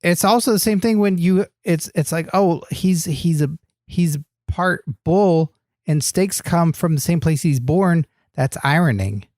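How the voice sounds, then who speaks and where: A dim but cheerful wrestler sidekick, as a man puts him on for a comedy podcast, reading plugs and explaining nonsense with total sincerity. The pitch swings in a lively way. Dry, close sound with no room echo. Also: unhurried. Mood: earnest. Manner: cheerful, naive, doing sponsor reads. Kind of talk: improvised comedy podcast banter.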